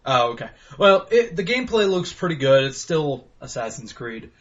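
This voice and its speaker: A man hosting a casual gaming podcast, animated and blunt, swearing freely and acting out his own reactions. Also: on the high side, normal speed, a little hiss or hum. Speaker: podcast host. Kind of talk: casual chat. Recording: slightly dull lo-fi sound.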